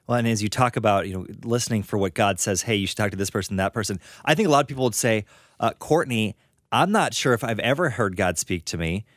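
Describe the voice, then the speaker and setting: A man's voice: on the low side, animated, fairly bright tone, no room sound, studio quality. Friendly man hosting an interview. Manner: friendly, reflective, halting restarts. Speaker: interview host. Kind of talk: conversational interview.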